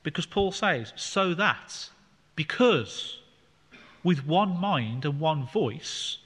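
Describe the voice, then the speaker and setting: A man's voice: fairly high pitch, expressive, takes it slowly, a bit bright, breathy edge. A man leading a Bible study, explaining scripture in a conversational way with fillers. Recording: long hall reverb.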